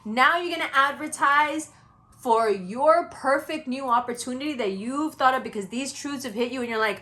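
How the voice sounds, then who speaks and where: A young woman giving an astrology reading in a casual, blunt monologue, swearing freely and swinging between slow, low stretches and quick, high bursts. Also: sharp tone. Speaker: astrology reader.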